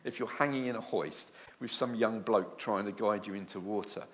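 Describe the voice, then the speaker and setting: A man preaching a sermon, telling stories with lively asides. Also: on the low side, normal speed. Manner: animated storytelling with acted asides.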